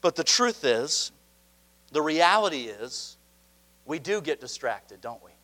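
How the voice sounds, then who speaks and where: Man, preacher, sermon, high voice, bright tone, animated delivery, soft asides. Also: measured pace. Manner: animated preaching with sudden drops to near-quiet asides; acts out voices in retelling Bible stories.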